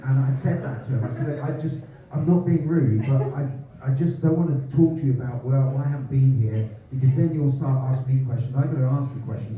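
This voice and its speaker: English male comic, rambling profane stand-up, distant tinny sound in a very echoey room. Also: medium pitch. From England. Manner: rambling, profane, self-interrupting with frequent laughs. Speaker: stand-up comedian. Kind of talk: stand-up comedy set.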